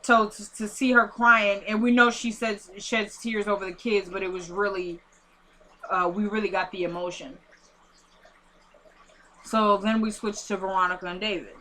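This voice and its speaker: Bright-voiced woman recapping a TV episode. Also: medium pitch, fairly even intonation, moderate pace, low-quality recording. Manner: chatty, retells scenes with "she goes" and "like". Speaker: TV drama recapper.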